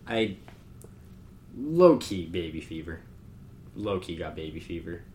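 A man's voice: low voice, big pitch swings, a little slow, darkish tone, a little hiss or hum. Laid-back young man in casual chat. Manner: laid-back, slangy, laughs often. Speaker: podcast co-host.

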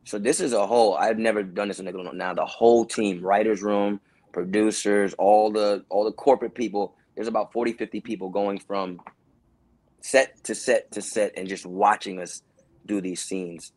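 A man speaking as an interview guest, telling a story in a casual, animated way and acting out what other people said. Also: fairly low pitch, moderate pace, dry recording.

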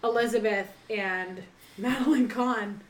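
A woman co-hosting a podcast, telling stories with animated excitement and swearing freely. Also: medium pitch, unhurried, a crowd in the background. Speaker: podcast co-host. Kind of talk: casual chat. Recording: roomy echo.

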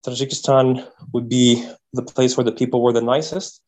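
A man from Quebec, a podcast guest telling travel stories in a casual, animated way, often repeating words as he thinks. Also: mid-range voice, moderate pace, rough recording. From Quebec, Canada. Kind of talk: casual interview storytelling.

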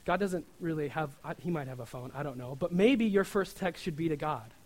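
Guy preaching, kinda high voice, super casual, keeps saying right?. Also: lively intonation, fairly quick, darkish tone, poor audio. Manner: informal, often asks "right?", acts out quoted prayers. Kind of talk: conversational sermon.

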